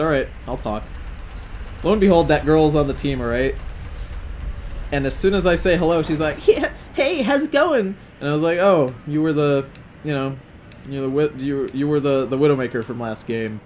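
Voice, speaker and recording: A man's voice: medium pitch, darkish tone, a little hiss or hum. Profane, rambling young male gamer. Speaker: let's play host. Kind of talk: casual gameplay commentary and storytelling.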